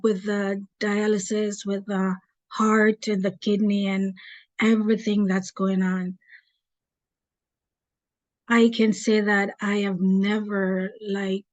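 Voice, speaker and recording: A woman's voice: mid-range voice, level tone, takes it slowly, no echo. A woman speaking hesitantly and earnestly, sharing personal experience in a meeting over a video call. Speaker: committee meeting participant. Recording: dull lo-fi audio.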